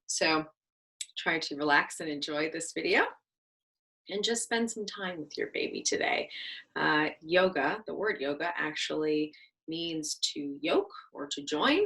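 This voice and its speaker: Young woman, baby yoga teacher, soothing and bright. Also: low voice, creaky, low-quality recording. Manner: gentle, soothing, sing-song. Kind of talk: guided class instruction with singing.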